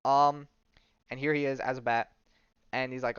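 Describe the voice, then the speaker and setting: A man with a smooth, resonant voice, recorded dry and close with no room sound. He talks in a loose, joking way and retells the story with plenty of ums and likes. The mic sounds a little dull and lo-fi. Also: mid-range voice, level tone, normal speed, long pauses, a bit bright, no room sound. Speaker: podcast host. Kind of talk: casual comic-book recap.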